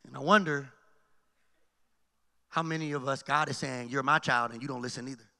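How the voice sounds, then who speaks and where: A man's voice: mid-range voice, fairly even intonation, moderate pace, vocal fry, bright, forceful tone. A man preaching a sermon as pastor in a church sanctuary, calling out to the congregation. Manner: preaching with call-and-response asides. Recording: long hall reverb.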